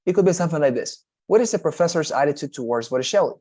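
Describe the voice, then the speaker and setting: A man's voice: on the high side, lively intonation, very fast, a little mellow, breathy edge. A man teaching test prep, repeating points and checking in with his students as he goes. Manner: repetitive, checks in with "okay?" and "right?". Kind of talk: online class explanation.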